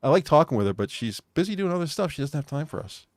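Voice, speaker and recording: A man's voice: a little high, very animated, fast talker, no echo. Rambling American man, dry sound. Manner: rambling, repeats himself. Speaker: podcast co-host. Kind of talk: casual chat.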